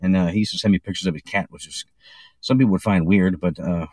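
A man's voice: deep voice, fairly even intonation, fast talker, darkish tone, no echo. A man telling stories in a casual chat, laughing often and slipping into voices for the people he quotes. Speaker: podcast guest. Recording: faint background noise.

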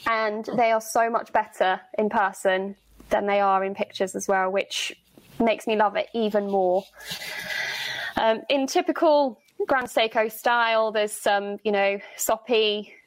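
A woman's voice: mid-range voice, steady tone, measured pace, rough recording. A woman on a casual online panel, playful and teasing, laughing often.

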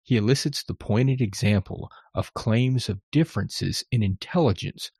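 A man's voice: fairly low pitch, normal speed, darkish tone, slightly rough, no room sound, studio quality. A man hosting a podcast, talking through a scripted monologue in a conversational, wry manner. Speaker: podcast host.

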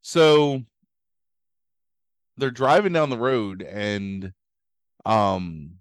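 A man's voice: lowish voice, lively intonation, very slow, smooth, no room sound, studio quality. Rambling man recapping a movie. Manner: rambling recap full of "like" and "um", acting out quotes. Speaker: podcast co-host reviewing a movie. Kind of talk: casual chat.

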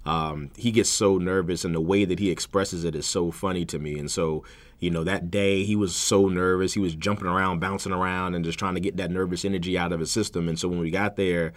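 A man in his thirties co-hosting a podcast, telling a family story in a relaxed, rambling casual chat. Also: low-pitched, a little fast. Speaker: podcast co-host.

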